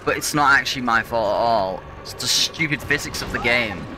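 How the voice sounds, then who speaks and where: A man's voice: mid-range voice, fairly quick, over music. A young man commentating his own gameplay, ranting and swearing in frustration at the controls. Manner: frustrated, swearing, exasperated rants. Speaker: let's play gamer.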